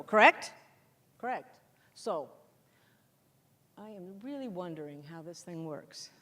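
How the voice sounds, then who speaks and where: Lively woman teaching in a reverberant hall. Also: fairly high pitch. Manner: animated, asks the audience questions and answers them herself. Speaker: teacher trainer and textbook author. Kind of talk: lively workshop talk to teachers.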